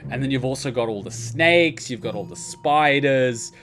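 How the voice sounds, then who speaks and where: A man's voice: mid-range voice, animated, normal speed, a bit bright, slight background noise. An Australian man giving casual gameplay commentary, telling rambling stories and swearing freely. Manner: profane, rambling storyteller. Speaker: let's play host.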